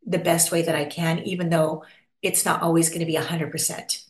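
Brisk and deep-voiced, an American woman from Pennsylvania chats expressively as a guest in a casual podcast interview. She slips into little quoted voices while telling stories, recorded in an echoey room.

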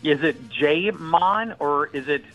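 A man's voice: on the high side, expressive, brisk, fairly bright tone, muffled recording, soft background music. A man talking as a fantasy football analyst on a sports radio show, joking and thinking aloud with restarts. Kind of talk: casual sports radio chat.

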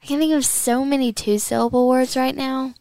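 A woman co-hosts a casual studio chat, bubbly and giggly, and easily flustered. Her voice sits fairly high with a gravelly edge. The sound is dry and close. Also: fairly even intonation, moderate pace, a little mellow, no room sound. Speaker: co-host.

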